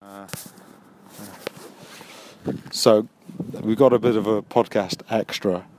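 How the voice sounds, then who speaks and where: A man's voice: lowish voice, fairly even intonation, slow, darkish tone, a little hiss or hum. A man hosting a podcast, talking casually and musingly, with friendly encouragement. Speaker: podcast host and new stand-up comic. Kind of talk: casual late-night chat. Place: near a train line at night.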